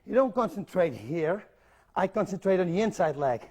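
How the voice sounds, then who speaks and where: A man's voice: high-pitched, animated, moderate pace, warm tone, breathy edge. A middle-aged man, a Dutch native speaker, teaching kicking technique in an instructional video, giving direct cues and counting steps aloud. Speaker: martial arts instructor.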